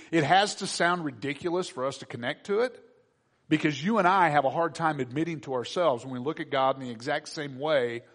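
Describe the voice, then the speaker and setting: A male preacher with a fairly high voice delivers a sermon with animation. He slips into the complaining voices of the people in the story and then steps back out to make his point.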